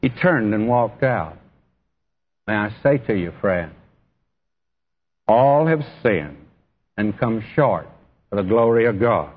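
A man's voice: medium pitch, husky. Earnest male preacher in an echoing hall. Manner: earnest, addresses listeners directly as friend and beloved. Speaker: pastor. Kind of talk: sermon. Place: church. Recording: dull, echoey church hall recording.

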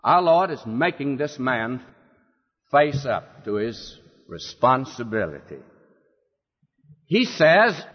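Speaking slowly with long pauses, a very animated man preaches an expository sermon in a mid-range voice. He puts on a dramatic show for the quoted lines and asks his listeners rhetorical questions, all heard through a dull lo-fi hall recording.

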